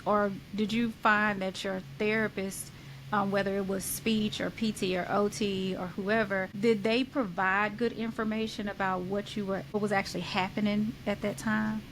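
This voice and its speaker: A woman hosting an interview, asking questions calmly and affirming her guest. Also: mid-range voice, moderate pace, a little hiss or hum, low-quality recording. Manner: calm, affirming listener with soft "mm-hmm"s. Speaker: podcast host. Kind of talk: conversational interview.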